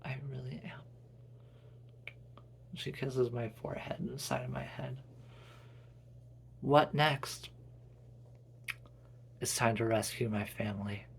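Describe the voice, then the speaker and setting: A man's voice: lowish voice, sing-song, measured pace, creaky, pauses often, slightly rough. A man reading his own novel aloud in an earnest, dramatic storytelling manner.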